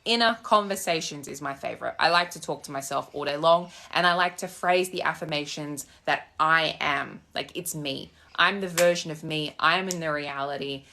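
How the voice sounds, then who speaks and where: This young manifestation coach has a low, gravelly, bright voice with a forceful edge, talking at normal speed with hardly any pauses. Out walking with her phone in hand, she answers live-stream comments casually, sassy and blunt, swearing without restraint.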